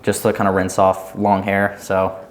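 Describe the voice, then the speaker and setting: Young man, guest on a casual podcast, lowish voice, rambling, filler-heavy talk. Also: completely flat delivery, normal speed. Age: young adult. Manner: rambling, loose, heavy use of "like".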